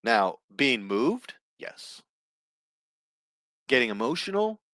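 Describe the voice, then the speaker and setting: A man's voice: medium pitch, sing-song, takes it slowly, pushed and bright, no room sound. A man hosting a solo commentary show, ranting bluntly and sarcastically with plenty of swearing. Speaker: host.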